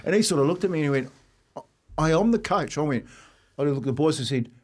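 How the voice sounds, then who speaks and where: A man with a New Zealand accent, co-hosting a breakfast radio show, telling animated stories and acting out what people said. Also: a little high, very fast. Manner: animated storyteller acting out quotes, laughs often. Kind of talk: casual storytelling chat.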